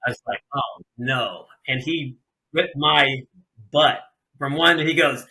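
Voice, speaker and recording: A man's voice: on the high side, measured pace. A middle-aged man from Ohio, a racer guesting on a podcast, telling stories casually and acting out the voices of people he quotes. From Ohio, USA. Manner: animated, acts out quoted voices. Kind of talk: casual storytelling.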